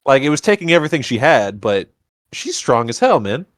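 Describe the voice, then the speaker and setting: Man, podcast co-host, casual recap chat, relaxed and a bit profane, dry close sound. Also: medium pitch, fairly quick, no echo. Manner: relaxed, swears casually, retells scenes with playful impressions.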